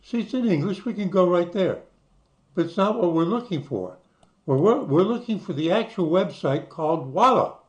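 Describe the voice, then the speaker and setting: A man's voice: sits high, expressive, moderate pace. An older man from the United States who talks you through websites in a casual screen-share, spelling things out letter by letter. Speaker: channel host.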